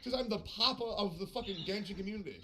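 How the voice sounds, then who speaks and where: A man's voice: sits high, quick pace, sharp tone, a little hiss or hum. A man chatting on a live game stream, swearing often and slipping into passive-aggressive sarcasm. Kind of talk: casual live-stream chat.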